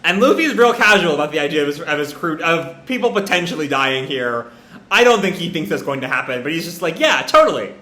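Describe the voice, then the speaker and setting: A man's voice: a little high, animated, fairly quick, bright, forceful tone. A young man casually reading out a manga chapter and reacting, chatty with many fillers. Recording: roomy echo.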